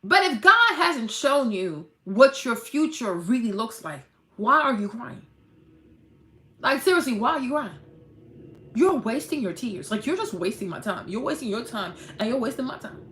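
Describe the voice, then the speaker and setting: A woman with a high, swooping voice gives a casual, preachy pep talk about faith. She acts out mock-dramatic voices and swears freely. The sound is echoey, as if in a bare room. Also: sing-song, normal speed, a bit bright. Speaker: vlogger.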